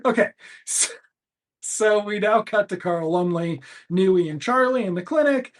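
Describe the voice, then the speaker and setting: A podcast co-host with a high-pitched voice recaps a TV episode at a moderate pace. His tone is casual, profane, sarcastic, and joking.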